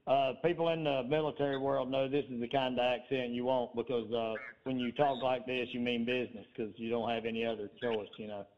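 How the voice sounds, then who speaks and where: A man co-hosting an online talk show in a slow drawl with many fillers, on dull lo-fi call audio. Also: medium pitch, little pitch movement. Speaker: co-host. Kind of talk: casual talk show chat.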